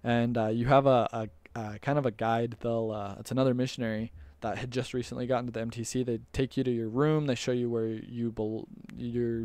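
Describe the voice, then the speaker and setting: A man's voice: medium pitch, mellow, smooth, dry recording. Young man telling a rambling story. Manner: rambling, with frequent restarts and chuckles. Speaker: storyteller recalling a church mission. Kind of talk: casual storytelling.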